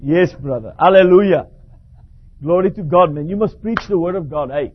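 A man's voice: high-pitched, fairly quick, slight background noise, natural voice. A man imitating friendly, gushing male pastors. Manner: warm, gushing greetings. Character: friendly effusive male South African pastors. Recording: dull lo-fi recording.

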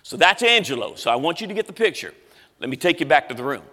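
A man preaching a story-driven sermon with a bright, clear-edged voice pitched a little high. He tells the story with energy and acts out the characters. A long reverb from a large church hall trails his words. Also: big pitch swings, fast.

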